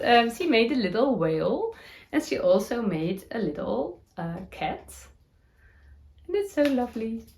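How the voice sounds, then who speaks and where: A woman with a Dutch accent, a native Dutch speaker, chatting casually as a knitting podcast host, with many fillers, pauses and giggles. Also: on the high side, a little hiss or hum. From Netherlands. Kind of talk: casual chat showing her knitting gear. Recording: roomy echo.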